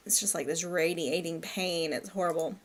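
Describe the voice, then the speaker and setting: A woman's voice: lowish voice, steady tone, normal speed. A woman giving casual let's-play commentary, chatty and apologetic, often laughing at herself. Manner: chatty, apologetic, giggly asides. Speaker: gameplay commentator.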